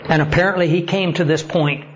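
A man preaching a sermon, telling stories and building to animated emphasis as he makes his points. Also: on the high side, fairly quick. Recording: slightly dull lo-fi sound with faint noise.

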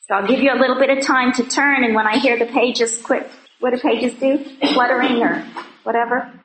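A woman's voice: a little high, fairly even intonation, a little fast, fairly bright tone, echoey room, a little hiss or hum, poor audio. A woman teaching a women's Bible study, reading scripture verses and speaking conversationally with joking asides and earnest personal testimony.

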